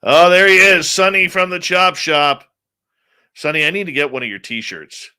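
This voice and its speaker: A man's voice: on the high side, moderate pace, bright, forceful tone, smooth. A middle-aged man hosting a radio show, chatting casually, greeting viewers by name and ranting bluntly. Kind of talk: casual live-stream chat.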